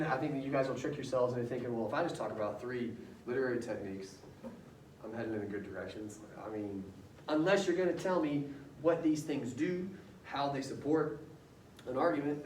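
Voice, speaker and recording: A man teaching a class in a conversational way, often pausing to ask his students questions. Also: medium pitch, a little mellow, a little hiss or hum. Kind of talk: classroom lecture. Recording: roomy classroom audio from far off.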